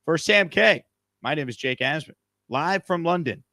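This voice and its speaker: A man's voice: fairly high pitch, animated, normal speed, pushed and bright, dry recording, studio quality. A man hosting a casual live stream from a hotel room, upbeat and reading out viewer comments. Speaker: show host.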